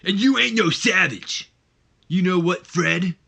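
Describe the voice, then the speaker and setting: A man doing a shouting, hotheaded wrestler. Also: high-pitched, measured pace, vocal fry, pitched above the performer's own voice, exaggerated voice. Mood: ranting. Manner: shouting, belligerent rant. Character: loud angry male wrestler, a ranting hothead. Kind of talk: let's play character voice.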